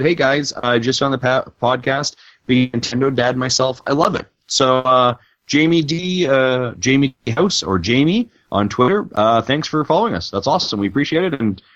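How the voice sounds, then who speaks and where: A man from Canada co-hosting a podcast, telling stories in a lively, laughing way. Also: medium pitch, normal speed, no echo. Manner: animated, laughing storyteller. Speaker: podcast co-host. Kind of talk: casual chat. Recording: dull lo-fi sound.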